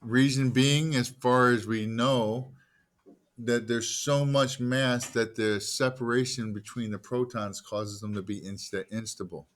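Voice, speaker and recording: A man's voice: mid-range voice, steady tone, unhurried, a bit bright. A man teaching a class in a casual lecture style, posing questions to students and answering them himself, with jokey asides.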